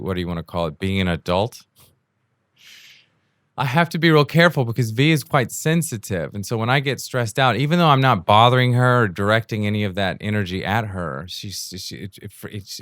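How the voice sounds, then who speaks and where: A young man talks alone into a new home mic in a low voice, loose and self-deprecating, laughing at himself as he rambles. The sound is close and dry, with no room around it. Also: a bit bright, no echo. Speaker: podcast host. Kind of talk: casual solo monologue. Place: indoors at home during a rainstorm.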